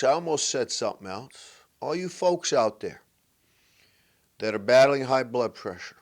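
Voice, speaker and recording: A man's voice: mid-range voice, expressive, measured pace, long pauses. A man hosting a relationship advice show, talking playfully and emphatically, joking and repeating his points. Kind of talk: animated monologue to camera.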